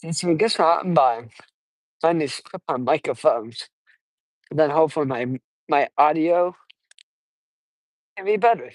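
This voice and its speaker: An eighteen-year-old man vlogging on a casual walk outdoors, talking quietly and rambling with halting restarts, recorded on wireless earbuds. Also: a little high, lively intonation, no room sound, poor audio. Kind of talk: casual walking vlog.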